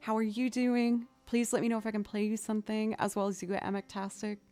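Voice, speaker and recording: A young woman talks casually to her livestream viewers in a rambling, chatty way, breaking off her stories to thank people in chat. Her voice sits at a middle pitch, and music plays faintly in the background. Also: flat delivery, brisk, warm tone. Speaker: musician streamer.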